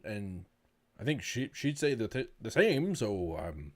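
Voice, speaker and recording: A man's voice: lowish voice, sing-song, unhurried. A man playing a tabletop game, chatting in a rambling, hesitant way that repeats words. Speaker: player. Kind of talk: casual tabletop game chat.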